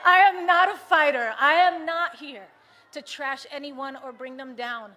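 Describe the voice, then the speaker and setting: A woman from the United States giving an impassioned political rally speech, moving from hushed, earnest talk to rousing shouts. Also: high-pitched, unhurried. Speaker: rally speaker. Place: large rally venue with a cheering crowd.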